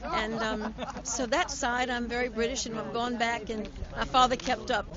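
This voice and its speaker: An older woman from the United States speaks in a chatty, storytelling way, her voice a little high for a woman. She is recorded outdoors at a public ceremony, and the audio is somewhat dull and lo-fi. A crowd murmurs clearly behind her. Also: steady tone, moderate pace. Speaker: interview guest. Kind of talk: casual on-location interview.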